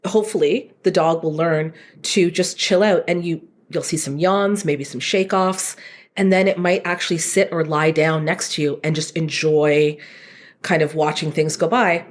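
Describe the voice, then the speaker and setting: Woman, low voice, chatty podcast guest, animated, lots of fillers. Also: normal speed. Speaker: dog trainer guest. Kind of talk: casual podcast chat.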